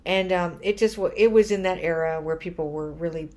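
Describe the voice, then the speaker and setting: A woman with a lowish, slightly mellow voice speaks a little fast as she hosts a podcast. Tired and punch-drunk in casual conversation, she rambles, pokes fun at herself, and laughs often.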